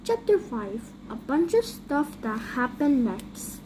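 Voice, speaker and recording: A woman reading a children's book aloud, taking it slowly and doing the voices of every character herself. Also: sits high, sing-song, background noise. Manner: unhurried, plays every character. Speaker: storybook reader.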